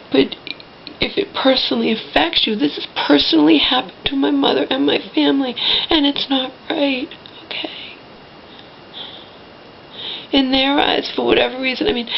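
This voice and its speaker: A woman's voice: sits high, gravelly, dull audio, slight background noise. A woman ranting to her viewers in an indignant, mocking way, swearing and talking straight to the people watching. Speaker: vlogger. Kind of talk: angry personal rant to camera.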